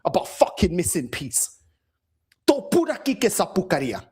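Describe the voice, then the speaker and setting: A man's voice: high voice, wildly swooping pitch, moderate pace, a little mellow, breathy edge. A man hosting a football fan channel, ranting furiously after a match, swearing and switching between Portuguese and English. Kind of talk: angry post-match rant.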